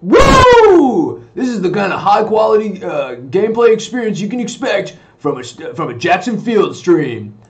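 A man's voice: high voice, very animated, normal speed, hardly any pauses, a little mellow, dull audio, a little hiss or hum. A man streaming to his viewers in goofy, hyped chatter through a cheap webcam mic, swearing, laughing and whooping.

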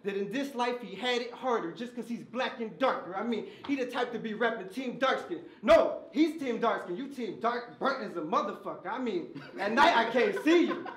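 A man's voice: very high voice, expressive, normal speed, hardly any pauses, echoey room, a little hiss or hum. A man battle rapping a cappella, delivering taunting punchlines at an opponent at a live event. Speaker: battle rapper.

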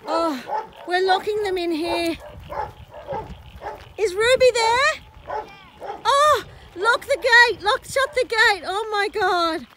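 A woman's voice: very high voice, animated, slow pace, pauses often, heavy background noise. A woman filming on her phone outdoors in a muddy paddock, gushing and laughing in disbelief as she talks. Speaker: horse owner. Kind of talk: excited casual vlog. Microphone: handheld phone camera.

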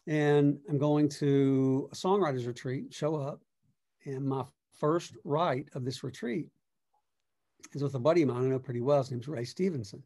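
A middle-aged man, a songwriter guest, telling a long story in a relaxed, conversational way. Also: mid-range voice, moderate pace. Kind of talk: casual storytelling.

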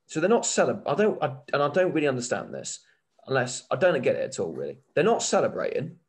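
Male podcast co-host, lively swooping pitch, excitable and rambling, casual banter. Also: fast. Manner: animated, excitable, rambling with restarts. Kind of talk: casual rugby chat.

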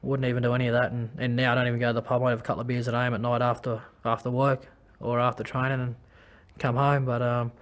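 Australian man, former league player, candid testimony. Halting, restarts, level tone. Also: mid-range voice, monotone. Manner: halting, many restarts and fillers. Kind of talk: personal testimony.

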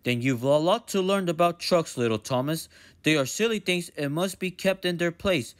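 A man's voice: a little high, moderate pace, natural voice. Man doing a stern older storybook railway director, firm, lecturing.

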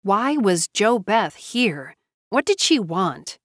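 A woman narrating a novel as an audiobook in a measured storytelling manner. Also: medium pitch, sing-song, a bit bright, dry recording, studio quality.

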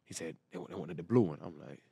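Low-pitched, creaky and breathy at the edges, this young footballer in his twenties talks quickly on a dry recording. He's giving a casual storytelling interview, earnestly recounting an emotional tale with animated energy and voicing each person's dialogue himself.

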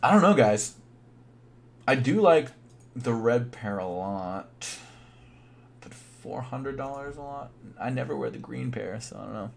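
A young man chatting casually on a live stream, thinking out loud in a laid-back way with plenty of fillers. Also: medium pitch, lively intonation, measured pace, vocal fry, pauses often. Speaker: sneaker YouTuber live streaming.

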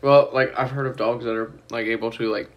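A man's voice: mid-range voice, fairly even intonation, a little fast, lo-fi sound. A young man talking casually and teasingly in a rambling home vlog from student housing. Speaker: vlogger.

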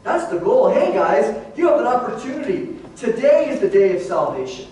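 A man's voice: sits high, sing-song, moderate pace, a little mellow, slight background noise. A man preaching a sermon as pastor, in a conversational way that keeps calling the listeners "guys". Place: large church sanctuary. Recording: very echoey hall, voice from far off.

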